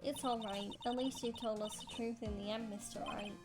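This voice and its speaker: A woman voicing a calm, confident young female defense attorney from a video game, speaking in a composed, knowing way. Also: fairly high pitch, brisk, lightly acted. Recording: game music behind.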